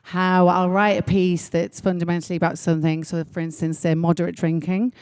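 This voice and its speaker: A woman's voice: fairly low pitch, little pitch movement, a little fast, a little mellow, smooth, big-room sound. Teesside woman asking an earnest question. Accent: Teesside English. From Stockton-on-Tees, northeast England. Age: around 50. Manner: earnest, hesitant, restarts sentences. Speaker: audience member, freelance journalist. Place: large hotel function room.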